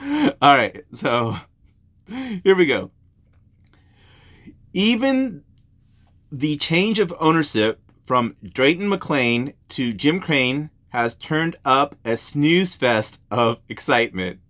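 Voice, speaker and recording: Man, host, fairly high voice, very lively pitch, giggly, rambling casual review reading. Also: slow, long pauses. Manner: giggly, breaks into laughter while reading; rambling, wanders onto tangents.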